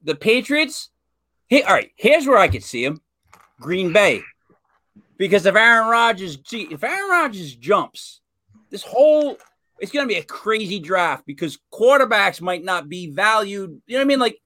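A male co-host in casual sports chat, opinionated and animated, with many fillers. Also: high voice, moderate pace, dry recording. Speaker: podcast co-host.

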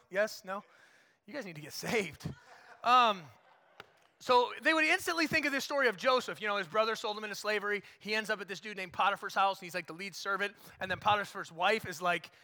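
A young man preaching a sermon in a church, conversational and animated, acting out quotes and singing short snippets. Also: high-pitched. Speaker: pastor. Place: church sanctuary.

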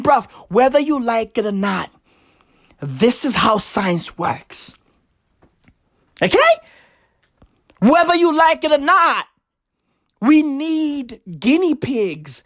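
A woman with a high voice holds forth as a podcast host in a swearing, comedic rant. She drags her points out slowly and hammers them home again and again. The sound is close and dry, with no room around her. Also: dry recording. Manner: emphatic, repetitive, heavy swearing.

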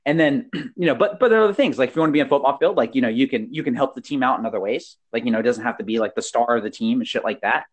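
A young man hosts a podcast, talking casually and swearing freely. He is animated and breaks into laughter often. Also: medium pitch, racing, hardly any pauses. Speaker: podcast host.

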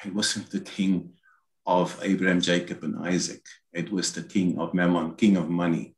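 Low-voiced man preaching in an echoey room. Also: little pitch movement, normal speed. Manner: expository, quotes scripture in acted asides. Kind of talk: sermon. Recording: roomy echo.

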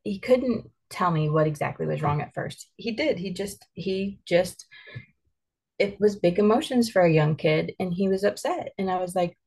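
A woman with a somewhat low voice and a gravelly edge to it. She talks earnestly and reflectively, as a mother in a candid podcast chat. Her pace is steady and conversational. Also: normal speed. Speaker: mother of kids.

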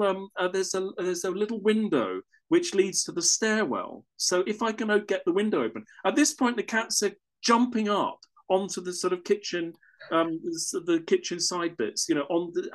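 An English man telling a personal story in a casual, rambling way, often correcting himself mid-sentence. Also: high voice. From England. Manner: rambling, self-correcting, with chuckles.

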